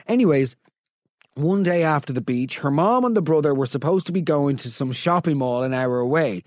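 A man's voice: a little high, darkish tone. An Irish man with a Dublin accent, hosting a comedy podcast and reading out listener stories. He rants with exasperated, sarcastic disbelief and swears freely. The sound is dry and close, with no room echo. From Ireland. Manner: exasperated, sarcastic, profane ranting. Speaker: podcast host.

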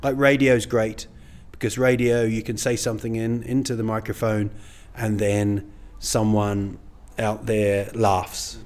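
A man's voice: on the low side, flat delivery, a little slow, few pauses, a little mellow. Rambling middle-aged male comedian. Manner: rambling, self-deprecating, many "you know"s. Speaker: stand-up comedian, guest. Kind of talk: casual interview chat.

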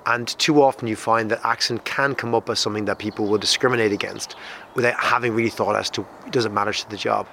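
Man, Irish accent, company CEO, quick confident explaining, gravelly, bright. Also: lowish voice, steady tone, a little hiss or hum. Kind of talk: expert interview.

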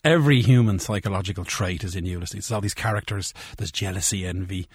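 Man, scientist guest, fast, husky, enthusiastic, dry close sound. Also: low voice, no room sound. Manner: enthusiastic, repeats words, laughs often. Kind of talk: casual radio-style chat.

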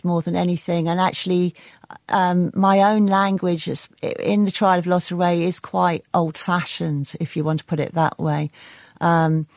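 A woman's voice: fairly low pitch, darkish tone, dry recording. A woman novelist talking as a guest on a radio show, thoughtful and hesitant, with many fillers. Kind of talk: radio interview chat.

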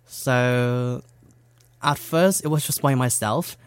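A man's voice: medium pitch, slow pace, smooth, no echo. Chatty young Korean man, laughing often. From South Korea. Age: young adult. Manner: chatty, laughs often, many fillers like "like" and "you know". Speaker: interview guest. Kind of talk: casual interview chat.

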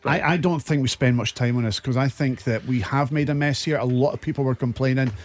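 A Scottish man co-hosting a football podcast, chatting casually and sometimes halting to hunt for a word. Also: medium pitch. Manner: hesitant, searches for words with stops and restarts. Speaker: podcast co-host.

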